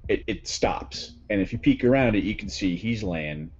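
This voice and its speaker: A man running a tabletop role-playing game as game master, narrating scenes in a calm, measured way. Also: fairly low pitch, muffled recording, slight background noise.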